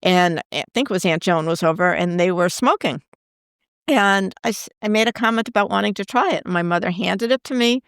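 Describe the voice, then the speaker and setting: A woman's voice: medium pitch, a little fast, a bit bright, clear, resonant tone, no room sound, clean studio sound. A woman hosting a casual chat, telling anecdotes and asking questions. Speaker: host.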